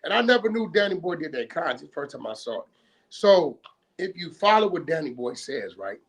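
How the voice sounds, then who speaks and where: A man's voice: on the high side, sing-song, normal speed. A man from California retelling a story in casual streetwise slang, often checking in with "right?" and acting out both sides of old phone calls. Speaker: guest.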